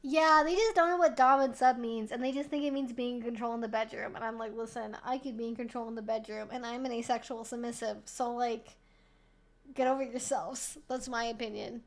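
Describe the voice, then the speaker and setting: A woman's voice: fairly high pitch, brisk, a bit bright. A young woman hosting a casual live-stream Q&A, rambling and swearing freely, laughing often and sounding slightly tipsy.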